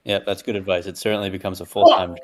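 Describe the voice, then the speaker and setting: A man moderating a community call, relaxed and inviting others to take the stage. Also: low-pitched, fast. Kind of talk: casual chat on a voice call.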